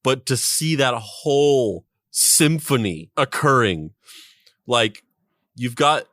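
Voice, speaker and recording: Male podcast co-host, mid-pitched, rambling and excitable, dry close-mic sound. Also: slow, no echo. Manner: excitable, laughing, rambling with restarts. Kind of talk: casual chat.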